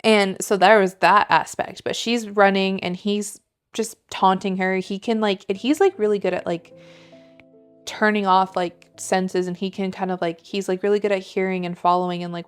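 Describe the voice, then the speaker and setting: A woman hosting a podcast, retelling a story in loose, chatty speech full of "like" and casual swearing. Her voice sits at a medium pitch. Soft music plays faintly behind her. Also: fairly even intonation, moderate pace, clean tone. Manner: chatty, lots of "like" fillers, swears freely. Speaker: podcast co-host.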